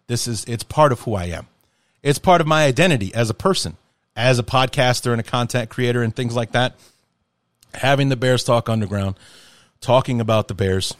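A man's voice: medium pitch, no echo, clean studio sound. A man hosting a casual solo podcast, talking in an impassioned, rambling and profane way. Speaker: podcast host.

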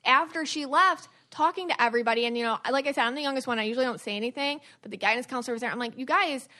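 A woman podcast host and aura reader telling stories from her past in an animated, chatty way. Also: fairly high pitch, very fast. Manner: animated storytelling with many fillers. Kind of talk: casual podcast chat.

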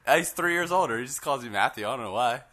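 A man's voice: mid-range voice, lively intonation, quick pace, pushed and bright. A man co-hosting a casual podcast, rambling a little and laughing easily. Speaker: podcast co-host.

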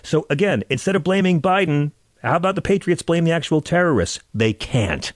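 A man's voice: fairly high pitch, animated, fairly quick, no room sound, studio quality. A man hosting a political talk show, delivering a scripted commentary monologue in a sarcastic, indignant and profane manner.

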